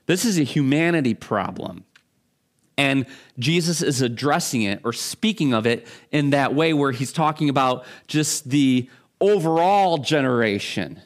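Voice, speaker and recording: A man's voice: mid-range voice, expressive. Conversational man preaching, full of restarts. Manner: conversational, halting with many restarts. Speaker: pastor. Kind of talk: sermon.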